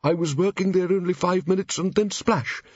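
A man voicing a tiny vampire reduced to dust, complaining in a shrill, fussy tone. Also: normal speed, husky, dry recording, highs cut off. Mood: indignant.

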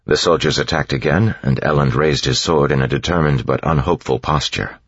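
A man narrating an audiobook in a steady, measured storytelling voice, in a dull lo-fi recording. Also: extremely low pitch, slightly rough, dry recording. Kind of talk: scripted narration.

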